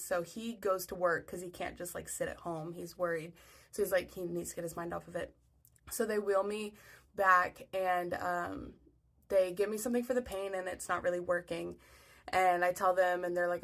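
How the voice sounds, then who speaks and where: A woman's voice: lowish voice, flat delivery, moderate pace, a bit bright. A young adult woman telling a story in a chatty, casual way, full of "like" and acting out what people said. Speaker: storyteller on social video.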